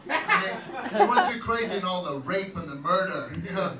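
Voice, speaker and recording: A man with a fairly high voice delivers a wry, self-deprecating stand-up comedy set, breaking into loud shouted bits. He sounds a little far from the mic in an echoey comedy club, with heavy crowd laughter around him. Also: expressive, normal speed. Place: comedy club stage with live audience.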